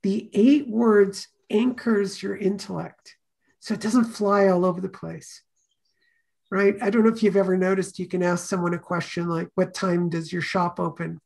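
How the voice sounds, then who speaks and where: A woman's voice: medium pitch, little pitch movement, moderate pace, vocal fry, darkish tone. A woman teaching a personal-growth class, telling stories and acting out the people in them. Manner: storytelling, acts out quoted voices. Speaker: course teacher.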